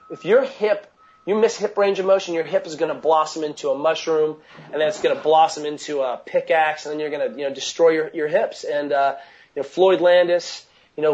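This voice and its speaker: A man's voice: on the high side, darkish tone, highs cut off. A man coaching athletes, talking casually and energetically in an interview, with lots of "you know" fillers and restarts. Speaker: mobility coach.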